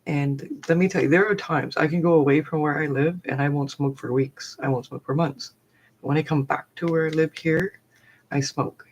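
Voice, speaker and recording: Low-voiced middle-aged woman rambling. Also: steady tone, moderate pace, darkish tone. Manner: chatty, heavy with fillers like "like" and "um". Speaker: live streamer and forest therapy guide. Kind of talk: rambling personal storytelling.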